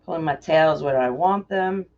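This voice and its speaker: A middle-aged woman from New York with a New York accent, chatting warmly and effusively with viewers by name while crafting on a livestream. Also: low-pitched, normal speed. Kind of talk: casual livestream chat while crafting bows. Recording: dull lo-fi livestream audio.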